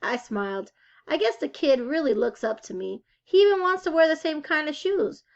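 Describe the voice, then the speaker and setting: A woman reads a children's novel aloud, telling the story expressively. Her voice sits a touch high. The sound is somewhat muffled and dull. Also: animated, moderate pace, vocal fry. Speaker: reader.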